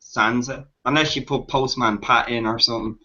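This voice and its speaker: A man's voice: mid-range voice, steady tone, normal speed, sharp tone, muffled recording. A man in casual chat, joking crudely and swearing.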